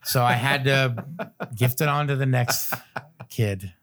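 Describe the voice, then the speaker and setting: Thirties guy, mid-pitched, podcast guest spinning a loose anecdote with lots of "like" and quick laughs. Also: vocal fry. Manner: animated storyteller, chuckling between phrases; loose filler-heavy phrasing. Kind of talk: casual storytelling chat.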